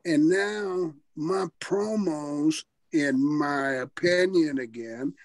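A man's voice: a little high, slow pace, a little hiss or hum. Older man telling rambling wrestling stories. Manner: chatty, laughs often, swears freely. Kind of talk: casual interview storytelling.

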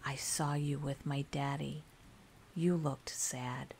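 A woman's voice: sits low, creaky, slight background noise, full character voice. A woman whispering as a sulky ghost boy. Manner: slow, hushed, half-whispered. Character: ghostly sulky little boy, five or six. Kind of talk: whispered role-play.

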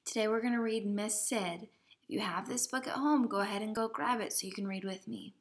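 A woman with a medium-pitched voice speaks briskly as she reads a simple story to young children. As their kindergarten teacher, she sounds out the words letter by letter in a slow read-aloud lesson.

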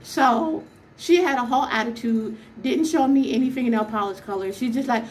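Young woman vlogger, fairly high voice, exasperated storytime rant full of rhetorical questions. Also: moderate pace, a little hiss or hum.

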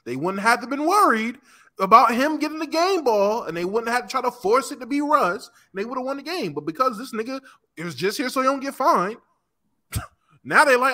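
A man co-hosting a podcast, telling animated, profane stories about sports. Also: very high-pitched, a little fast. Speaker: podcast co-host. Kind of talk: casual sports chat.

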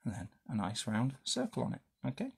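A man's voice: mid-range voice, wildly swooping pitch, fairly quick, vocal fry, breathy edge. A man leading a live drawing lesson for children, chatty and playful, asking questions and making silly sound effects.

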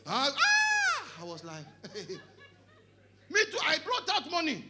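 This middle-aged male Nigerian pastor has a very high voice and takes his time, speaking Yoruba-accented English. His animated sermon is full of shouting and humor, with frequent switches into Yoruba.

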